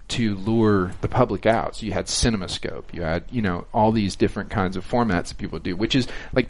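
A man telling a lively behind-the-scenes story on a panel, acting out the people he quotes and laughing often. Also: deep voice. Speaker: TV director. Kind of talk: casual anecdote on a panel.

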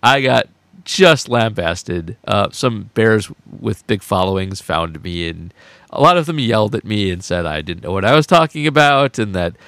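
Gravelly man gloating in casual chat. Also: on the low side, lively intonation, moderate pace, fairly bright tone, dry recording. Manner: gleeful, boastful, laughs often. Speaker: podcast co-host, football writer.

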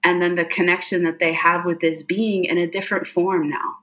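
A woman's voice: on the low side, little pitch movement, fairly quick, a bit bright. A woman guest, a psychic medium, talking earnestly in a casual interview, with many fillers and laughs.

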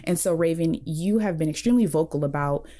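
A woman with a low voice co-hosts a conversational podcast. She talks in a measured, reflective way and guides the talk with open, searching questions. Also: warm tone. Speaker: podcast co-host, therapist.

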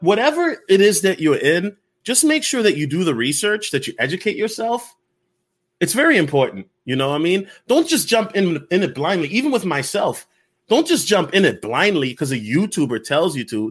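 Man, lively rising and falling voice, slangy casual commentary, bit higher pitch. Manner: animated, slangy, repeats himself, calls others dog. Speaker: crypto YouTuber reacting to a video.

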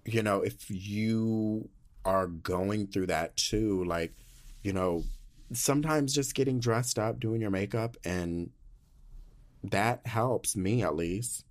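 A young man hosting a podcast, talking candidly in a sassy, animated way, full of slang and swearing. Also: fairly low pitch, takes it slowly. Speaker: podcast host. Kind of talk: candid casual monologue.

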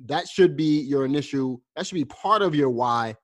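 A man's voice: medium pitch, expressive, normal speed. A man hosting a podcast, talking earnestly and encouragingly, with frequent fillers and restarts. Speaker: podcast host. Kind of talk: casual podcast interview.

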